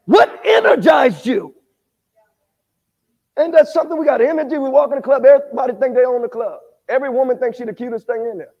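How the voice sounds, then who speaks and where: A man preaching at a Bible study, animated, quizzing the congregation and rising to shouts. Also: very high voice, very fast, few pauses, in a large hall, lo-fi sound. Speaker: pastor. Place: church sanctuary.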